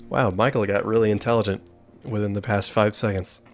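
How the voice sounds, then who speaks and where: A man's voice: lowish voice, steady tone, fairly quick, few pauses, soft background music. Sarcastic man joking through a game. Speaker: gaming streamer. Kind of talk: casual let's-play commentary.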